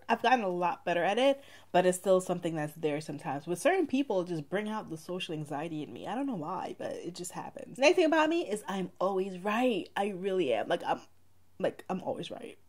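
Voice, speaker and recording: Young woman vlogger, mixed Saint Lucian and Bronx accent, slightly low voice, rambling and casual. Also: darkish tone. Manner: chatty, rambling, many "like" fillers. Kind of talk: casual get-to-know-me vlog.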